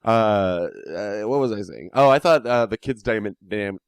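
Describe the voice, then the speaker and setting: A man's voice: lowish voice, moderate pace, smooth, no echo. Sarcastic man on a dry close mic. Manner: sarcastic, laughs often. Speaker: podcast co-host. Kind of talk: casual chat.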